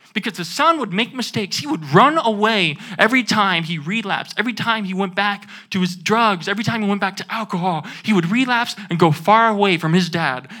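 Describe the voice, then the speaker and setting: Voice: mid-range voice, bright, forceful tone. A young adult student giving an earnest sermon, repeating key phrases and asking the audience to say them back. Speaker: student speaker.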